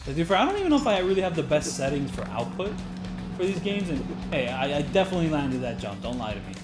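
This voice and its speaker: A gamer giving casual let's-play commentary, excitable and rambling, laughing at their own jokes. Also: mid-range voice, quick pace. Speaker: gamer playing through a game. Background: game music and sounds.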